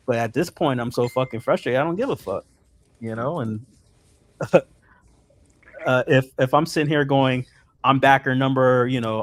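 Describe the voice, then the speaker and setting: A man hosting a casual livestream, venting with profanity and frequent laughter. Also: medium pitch. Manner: frustrated, profane, laughing between complaints. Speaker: stream host.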